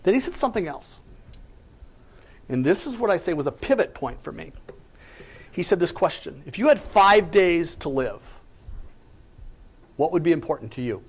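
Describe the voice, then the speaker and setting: A fairly high-pitched, slightly rough voice belongs to an American company president giving an inspirational speech. His delivery is sing-song at a normal speed with frequent pauses, as he relates his own story through emphatic rhetorical questions.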